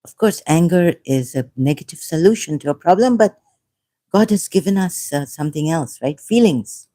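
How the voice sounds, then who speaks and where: A woman's voice: low voice, expressive, moderate pace, dark tone. A woman talking in an unscripted monologue as an online commentator, impassioned and rambling, often repeating herself.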